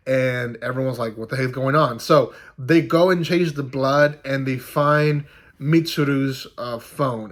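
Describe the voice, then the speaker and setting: A man's voice: medium pitch, fairly bright tone. A young man reviewing a manga chapter in a casual, rambling recap.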